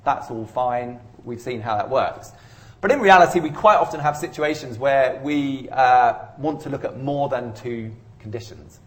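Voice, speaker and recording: A man's voice: medium pitch, moderate pace. A man giving a university statistics lecture in a chatty, rambling way with self-deprecating humour. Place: lecture room.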